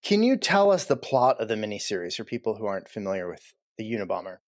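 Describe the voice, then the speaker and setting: Male podcast host, animated pitch, laughs along, brief affirmations. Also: quick pace. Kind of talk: interview questions.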